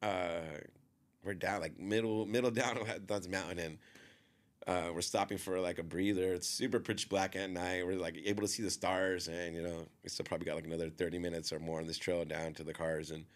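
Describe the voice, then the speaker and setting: Low-voiced man telling a rambling story. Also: steady tone, fairly quick. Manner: rambling, filler-heavy, often quotes others. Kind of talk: casual storytelling on a podcast.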